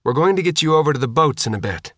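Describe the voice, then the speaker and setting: A man voicing a steady soldier in an audiobook, calm and reassuring as he tends a survivor. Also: fairly high pitch, fast, no room sound, clean studio sound, pitched above the performer's own voice. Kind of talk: audiobook character voice.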